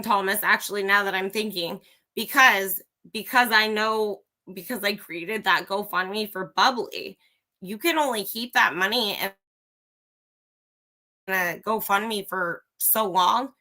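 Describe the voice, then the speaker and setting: Woman, livestream host, blunt ranting commentary, swears freely, talks to chat, slow pace, bright forceful voice. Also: medium pitch. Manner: blunt and profane, talking straight to viewers.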